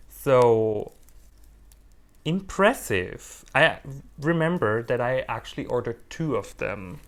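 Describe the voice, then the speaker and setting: A man in the middle of a casual unboxing vlog, talking at an everyday middle pitch. He is lively and playful, often joking at his own expense as he chats. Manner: animated, playful and self-mocking. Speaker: orchid hobbyist vlogger.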